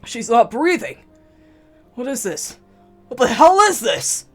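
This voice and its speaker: A woman voicing an excitable young male otaku friend in a visual novel read-aloud, with a loose, blunt, emotional manner. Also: fairly high pitch, slow, faint music behind, voice pushed up, heavily acted. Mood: panicked.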